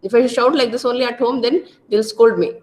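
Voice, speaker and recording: A woman lecturer with an Indian English accent from Karnataka, giving a loud, repetitive classroom lecture full of tag questions. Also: fairly high pitch, a little fast. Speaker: college lecturer.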